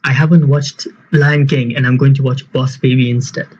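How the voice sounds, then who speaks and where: A young man chats casually on a podcast, spinning loose, animated anecdotes peppered with swearing. His voice sits at an ordinary middle pitch. The sound is a little muffled, with a faint hiss underneath. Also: normal speed. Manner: rambling, animated storytelling with swearing. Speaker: podcast co-host. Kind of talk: casual chat.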